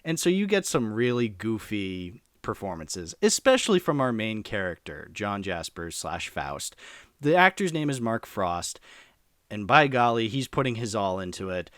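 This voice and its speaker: A man's voice: lowish voice, big pitch swings, moderate pace, fairly bright tone, dry recording, studio quality. A man in a casual podcast chat, rambling animatedly through a film's plot with lots of fillers. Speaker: podcast co-host reviewing a film.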